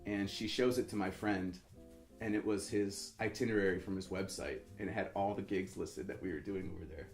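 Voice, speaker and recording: Low-voiced young man rambling through a story. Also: steady tone, fairly quick, echoey room, faint music behind. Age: 20s. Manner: rambling, self-correcting, acts out quoted voices. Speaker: musician telling a story. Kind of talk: casual storytelling.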